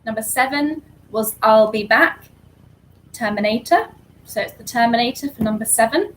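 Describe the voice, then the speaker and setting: A woman co-hosting an online charity quiz, reading answers briskly and lightly. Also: on the high side, low-quality recording. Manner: brisk, light, laughs easily. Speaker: quiz co-host.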